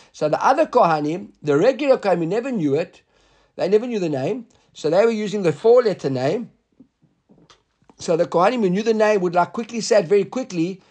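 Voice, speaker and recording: Man with a fairly high voice, giving a Talmud lesson in a chatty, halting style. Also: a little mellow. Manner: conversational, mixes Hebrew and Aramaic readings with English explanation; filler-heavy asides, halting restarts. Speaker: Talmud teacher. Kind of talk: Talmud class.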